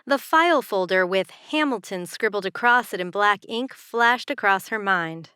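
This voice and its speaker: Romance audiobook narrator: a woman author with a smooth, clear voice, even and measured, recorded close and dry. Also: mid-range voice, dry recording. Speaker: author reading her own novel.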